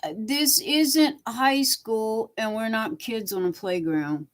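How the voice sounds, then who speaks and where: A middle-aged woman chats with her livestream viewers at an unhurried pace. Her voice sits a little high, and she rambles from thought to thought, answering comments and peppering everything with "you know". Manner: rambling, chatty, reads viewer comments aloud; repeats "you know" a lot. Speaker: livestream host. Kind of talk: casual chat with live viewers.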